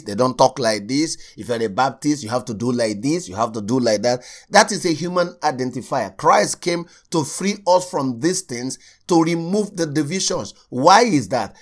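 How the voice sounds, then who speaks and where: A man preaching a sermon, repeating key lines slowly for stress and speaking straight to his listeners. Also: medium pitch. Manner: addresses listeners directly as sir and uncle.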